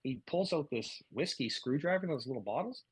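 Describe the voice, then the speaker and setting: A man's voice: fairly high pitch, brisk, breathy edge, dry recording, poor audio. A man, a podcast guest telling stories in casual talk and acting out the voices of people he quotes. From Canada. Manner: animated, acts out quoted dialogue. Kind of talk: casual storytelling.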